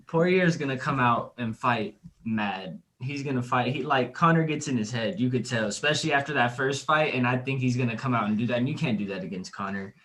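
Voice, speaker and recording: A man's voice: mid-range voice, fairly quick, hardly any pauses, fairly bright tone, low-quality recording. A blunt man who swears casually while chatting on a podcast. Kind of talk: casual chat.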